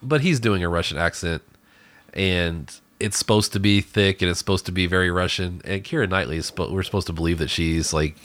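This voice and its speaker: A man's voice: low-pitched, brisk, a bit bright, no room sound. A man co-hosting a casual movie review chat, rambling with many restarts and fillers. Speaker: podcast co-host reviewing a movie.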